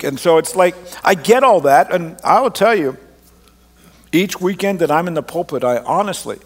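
A pastor with a blended Australian and Canadian accent, speaking in a slightly high, mid-range voice. He preaches in an easy, self-mocking, conversational way from the stage into a microphone. His voice rings out with a long reverb across a large church auditorium. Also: lively intonation, normal speed. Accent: mixed Australian and Canadian. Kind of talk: sermon.

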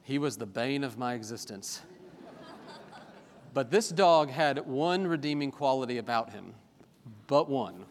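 Animated preacher in a hall. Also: male voice, mid-range voice, unhurried, long pauses, slight background noise. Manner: animated preaching with humorous personal asides. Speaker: pastor. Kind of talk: sermon. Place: church sanctuary. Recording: long reverb of a large hall.

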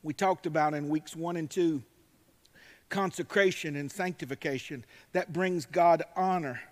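Male preacher, high-pitched, emphatic sermon delivery, recorded in a church hall with a long reverb tail. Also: a little slow. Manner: emphatic, rising to shouts, drawling asides.

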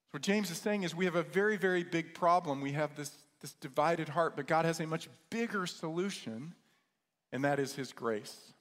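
A man's voice: on the high side, normal speed, a bit bright. A man preaching a sermon as a pastor, repeating key words and asking the listeners questions. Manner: repetitive, rhetorical questions. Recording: echoey hall with long reverb.

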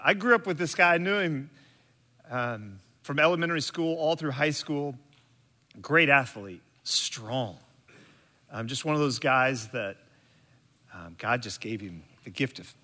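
A man giving a sermon, telling a story slowly and deliberately with frequent pauses and fillers. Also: mid-range voice, bright, forceful tone, long reverb tail. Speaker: preacher.

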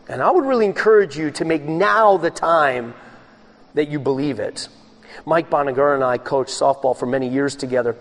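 A man preaching a sermon as pastor, swinging between loud, raised passages and hushed, low ones.

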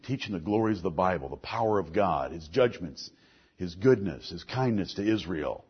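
A middle-aged man preaching a sermon, earnest, moving between soft asides and forceful lines. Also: low voice, animated, moderate pace, slightly rough, highs cut off.

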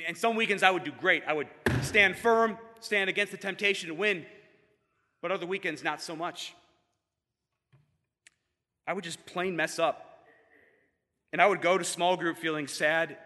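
Man preaching his testimony, bright voice, kinda high, big hall echo. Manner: earnest storytelling with emphatic build-ups. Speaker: speaker giving a testimony. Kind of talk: personal testimony sermon. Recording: reverberant hall.

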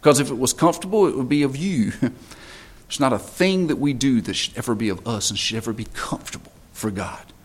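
A man's voice: medium pitch, lively intonation, a little fast. A man preaching a sermon as pastor, emphatic, repeating phrases for stress.

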